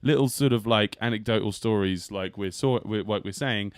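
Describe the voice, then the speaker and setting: A young man, talking loosely and jokily as co-host of a live music show. His voice sits low and smooth. The sound is close and dry. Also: moderate pace, no room sound. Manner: chatty, jokey, lively asides. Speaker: podcast co-host. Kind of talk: casual chat on a live stream.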